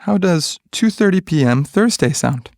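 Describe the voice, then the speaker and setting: A man reading short English practice sentences one by one, clearly and evenly. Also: on the high side, no echo, studio quality. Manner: clear, even, measured delivery of single sentences.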